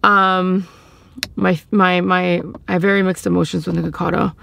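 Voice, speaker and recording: A woman's voice: fairly low pitch, flat delivery, normal speed, vocal fry, fairly bright tone, a little hiss or hum. A young woman giving casual reaction commentary as a YouTuber, hesitant and often restarting as she searches for words.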